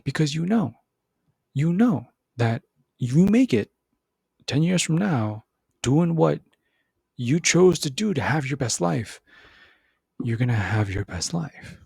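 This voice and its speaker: A man hosting a podcast, giving an animated motivational monologue, repeating words and acting out other voices. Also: slow pace, creaky, pauses often, slightly rough, no room sound, studio quality. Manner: animated, repeats words, acts out voices with big pitch jumps. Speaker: podcast host.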